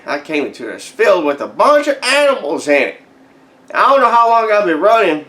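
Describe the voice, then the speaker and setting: An actor playing a dim-witted, boastful adult grandson who tells a rambling folksy tale with stammered restarts. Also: male voice, high voice, fairly bright tone. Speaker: comedy character telling a story to his grandmother. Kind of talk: comedic storytelling monologue.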